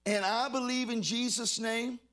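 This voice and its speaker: A middle-aged man preaching a lively sermon, calling on the congregation to respond and shouting praises. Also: very high voice, a little slow. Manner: exuberant, call-and-response preaching. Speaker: pastor.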